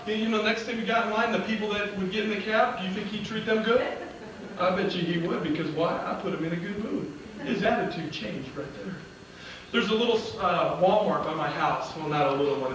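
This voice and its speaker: A man gives a motivational talk from an auditorium stage, telling comic stories and acting out the other people's lines. His voice sits a little high, and it reaches the mic from a distance. The hall's strong echo and loud room noise surround every word. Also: fairly quick. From Illinois. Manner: comic storytelling, acts out dialogue, laughs at his own jokes. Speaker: motivational speaker. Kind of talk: storytelling speech to a live audience. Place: large auditorium.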